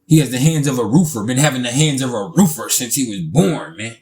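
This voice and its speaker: A man, telling a casual storytime, animated, laughing often and swearing freely. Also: mid-range voice, a little fast.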